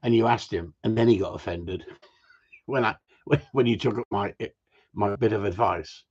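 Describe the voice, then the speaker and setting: Casting: husky, lively bloke, crude teasing banter, lo-fi sound. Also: male voice, fairly low pitch, normal speed. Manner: swears freely, teasing, laughs often. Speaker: host of a gundog group chat. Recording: dull lo-fi sound.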